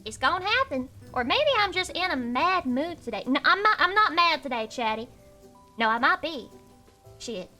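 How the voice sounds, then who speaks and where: A woman's voice: high voice, sing-song, moderate pace, bright, forceful tone, soft background music. A young woman streaming live, chatting with her viewers in a profane, teasing rant while underslept. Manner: profane, ranting, teasing chat. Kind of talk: casual livestream chat.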